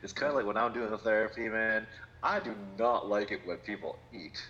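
A man co-hosting a podcast in casual chat, relaxed and jokey, often agreeing with his co-host. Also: lowish voice, a little fast, lo-fi sound, slight background noise.

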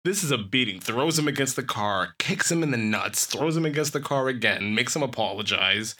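A man's voice: medium pitch, animated, brisk, sharp tone. A man co-hosting a casual movie review podcast, recapping scenes in a wry, play-by-play way. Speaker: podcast co-host. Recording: lo-fi podcast audio.

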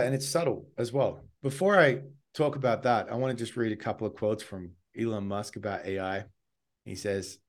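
A man co-hosting a podcast, speaking calmly and reading quotes in a measured way. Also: fairly low pitch. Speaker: podcast co-host. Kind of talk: casual chat, reading quotes aloud.

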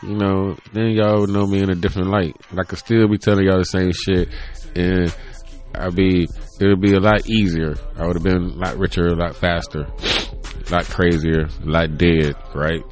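Faint music plays behind a man in his thirties ranting casually on his own podcast, recorded at home in his bedroom. At a moderate pace, he laughs often, swears freely, and jumps from quiet muttering to loud, excited bursts.

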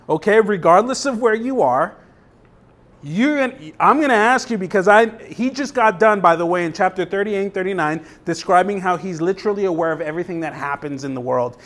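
A young pastor with a fairly high voice preaches in an easygoing, conversational style, stopping to ask the congregation if they follow. When he reads scripture aloud, his voice rises with emphasis. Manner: conversational, checks in with the congregation often. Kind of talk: sermon.

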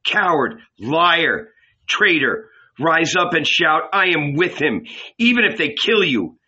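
A man's voice: fairly high pitch, sing-song, slow pace, sharp tone, husky, voice pushed up, exaggerated voice. A man voicing a frightened older male disciple, strained and pleading in a raised voice. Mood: self-reproaching. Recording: slightly dull lo-fi recording.

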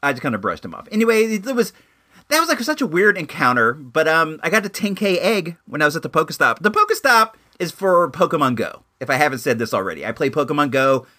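A man's voice: fairly high pitch, big pitch swings, fast talker, bright, forceful tone. A young man telling a rambling story in a casual vlog, with lots of fillers and restarts. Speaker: vlogger.

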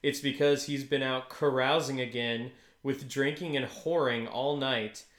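A man's voice: mid-range voice, fairly even intonation, a little slow, fairly bright tone, reverberant. A man co-hosting a podcast in a casual chat, rambling and restarting his sentences, often breaking into laughter. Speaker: podcast co-host.

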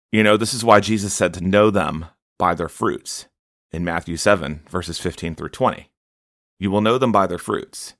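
Male preacher, deep low voice, casual fillers, dry close recording. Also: fairly bright tone, no room sound. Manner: conversational, frequent "you know" fillers. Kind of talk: sermon.

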